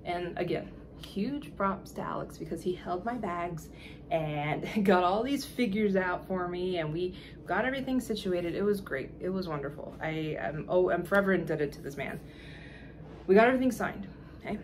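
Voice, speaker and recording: A woman vlogger telling a casual, animated story in exasperated tones, often laughing and acting out the dialogue. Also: lowish voice, moderate pace, a little hiss or hum.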